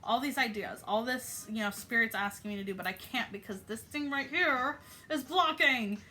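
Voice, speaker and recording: Brief: woman voicing the insistent inner feminine, bright and scolding. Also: on the high side, moderate pace, slight background noise. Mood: eager. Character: pushy inner feminine side, impatient woman.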